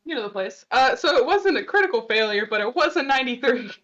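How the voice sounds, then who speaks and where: A woman's voice: high voice, lively intonation, fast, fairly bright tone, lo-fi sound. A woman playing in a tabletop game, chatty and reacting to her dice rolls. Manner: chatty, laughs at own rolls. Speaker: player. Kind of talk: casual game chat.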